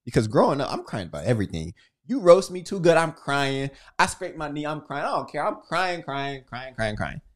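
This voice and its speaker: A young man co-hosting a podcast, telling a story in a playful, expressive way. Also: on the high side, brisk. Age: young adult. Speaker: podcast co-host. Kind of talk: casual chat.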